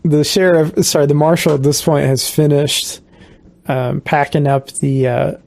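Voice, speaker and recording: A game master narrating a tabletop western game slowly, with halting phrases and many fillers. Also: medium pitch, flat delivery, vocal fry, darkish tone.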